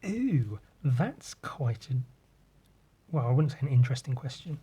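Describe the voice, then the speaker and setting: A man's voice: medium pitch, sing-song, measured pace, dark tone, husky. Rambling, sweary man. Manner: rambling, sweary, restarts a lot. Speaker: podcast host. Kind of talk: casual solo podcast chat.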